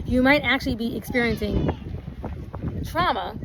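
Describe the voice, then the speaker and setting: A woman recording a relationship vlog outdoors, reading out points slowly and adding chatty asides. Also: on the high side. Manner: reads lists slowly, adds chatty asides. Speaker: relationship vlogger. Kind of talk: casual talk, reading points aloud. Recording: outdoor recording with noticeable background noise.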